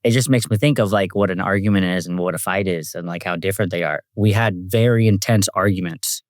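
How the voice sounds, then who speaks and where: A young man appearing as a guest on a podcast, speaking thoughtfully and haltingly with lots of fillers. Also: low voice, dry recording, studio quality. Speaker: podcast guest, host's husband. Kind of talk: casual chat.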